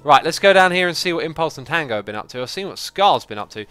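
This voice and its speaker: A man chatting casually as he streams a game, excitable and quick to laugh. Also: on the high side, clean tone, dry recording, faint music behind. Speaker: livestreaming gamer. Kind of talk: casual gameplay commentary.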